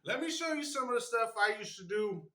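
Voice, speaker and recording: A man's voice: very high-pitched, animated, brisk, background noise. Chatty man demonstrating stretches in an echoey room. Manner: chatty, repeats "right?" often. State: strained from stretching. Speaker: martial arts instructor. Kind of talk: casual spontaneous demonstration. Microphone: camera mic.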